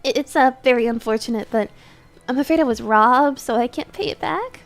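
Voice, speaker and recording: A woman's voice: fairly high pitch, a little fast, faint music behind, close to an everyday voice. A woman playing a frantic broke young vampire. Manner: frantic, whiny, excitable. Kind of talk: voice acting a game's dialogue on stream.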